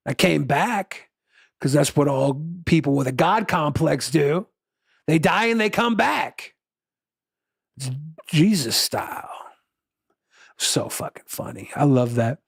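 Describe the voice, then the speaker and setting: A man's voice: a little high, creaky, no echo, studio quality. A male musician chatting casually with his livestream viewers, rambling, laughing often and swearing freely.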